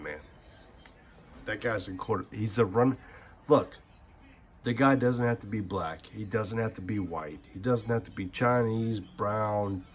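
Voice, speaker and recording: A man's voice: on the low side, breathy edge. A young man giving casual gaming commentary, ranting in a heated, profane, rambling way. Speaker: gaming channel host.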